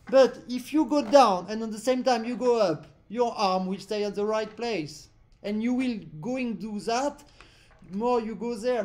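A man's voice: high voice, a little mellow. A man teaching accordion in a remote lesson, correcting a student and singing rhythms on syllables, in non-native English. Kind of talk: remote music lesson coaching.

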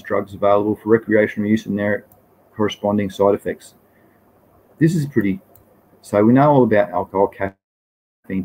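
A man's voice: fairly low pitch, a little mellow, breathy edge, poor audio. A young Australian man hosting a casual live stream, reading from slides in a rambling way and greeting viewers in the chat.

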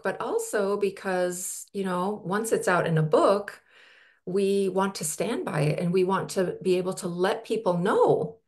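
A woman host asking thoughtful questions, often pausing to search for words. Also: medium pitch. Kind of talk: interview questions.

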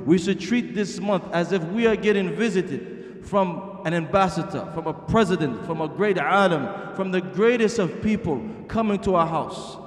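A man's voice: high-pitched, normal speed. A middle-aged man preaching a sermon in a masjid hall, earnest and asking the audience rhetorical questions. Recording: echoey hall.

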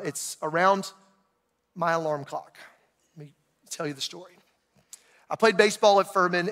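High, bright-voiced male pastor. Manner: animated storyteller, acting out shouted quotes. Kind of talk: sermon with personal story. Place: large church auditorium. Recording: long hall reverb.

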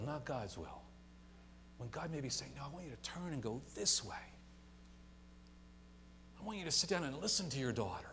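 A pastor delivering a sermon, swinging from quiet to loud and emphatic and acting out imagined people. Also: male voice, medium pitch, expressive, normal speed. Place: church sanctuary. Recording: long church reverb, faint hum.

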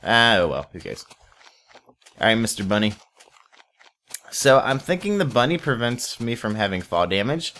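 A man's voice: medium pitch, sing-song, normal speed, long pauses, a bit bright, a little hiss or hum. A young man casually commenting while playing a modded block game, rambling, swearing offhand and chatting to viewers and in-game animals. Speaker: Let's Play host.

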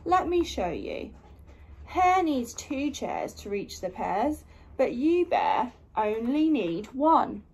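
A woman's voice: high-pitched, takes it slowly, breathy edge, exaggerated voice. Woman voicing a tiny wise storybook beetle. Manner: lively, emphatic read-aloud voice.

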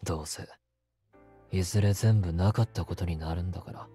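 A man's voice: low voice, rapid-fire, warm tone, faint music behind, close to an everyday voice. An actor playing a gloomy reclusive young man in a game, mumbling in a fatalistic way.

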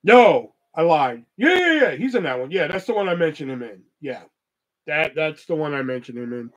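A man's voice: on the high side, big pitch swings, normal speed, fairly bright tone. A young man hosting a podcast, telling a story in a loose, profane, rambling way full of fillers. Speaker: podcast host. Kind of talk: casual storytelling.

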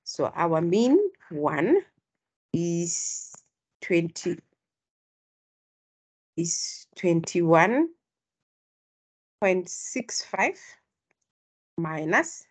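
A woman with a husky voice tutoring statistics online. She explains each step and prompts her students to speak up. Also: on the low side, expressive, drawn-out words, pauses often.

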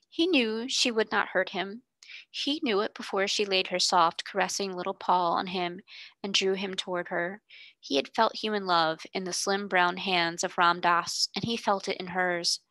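A woman reading a classic children's story aloud in calm, measured narration. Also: mid-range voice, no echo. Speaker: reader.

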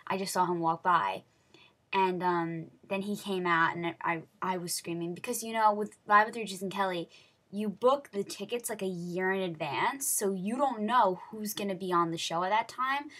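A teenage girl recounts her day in a chatty vlog, her voice bright and forward. She gushes along, packing her sentences with fillers and tumbling from one thought to the next. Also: medium pitch, normal speed. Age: teens. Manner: gushing, excitable, many "like" fillers. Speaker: vlogger. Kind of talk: casual storytelling vlog.

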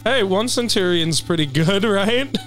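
A young man chatting casually over a video game, excitable and teasing, laughing often. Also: high voice, moderate pace. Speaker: co-host watching a let's play. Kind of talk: casual gaming chat. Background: faint game music.

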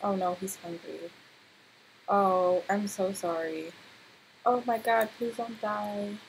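A young woman giving casual, excitable let's-play commentary, full of gasps and laughter. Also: mid-range voice, slow pace, slight background noise, rough recording. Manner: excitable, laughing, exclamatory reactions. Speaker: gameplay commentator.

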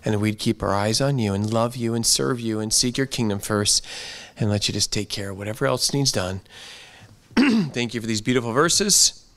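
A man's voice: fairly low pitch, expressive, normal speed, a bit bright. A pastor giving an earnest, conversational sermon in a church, often repeating his phrases.

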